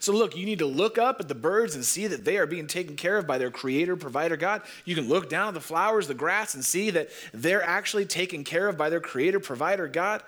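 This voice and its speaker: Man preaching with slow emphatic repetition. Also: a little high, expressive, a bit bright. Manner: storytelling preacher, leans on repetition and slows down for emphasis. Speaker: pastor. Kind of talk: sermon.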